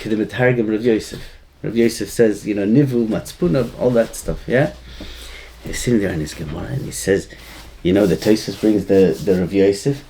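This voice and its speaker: A man's voice: on the low side, dark tone, a little hiss or hum. A man giving an informal Torah class, rambling and chuckling as he mixes in Hebrew and Yiddish terms. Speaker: Torah teacher.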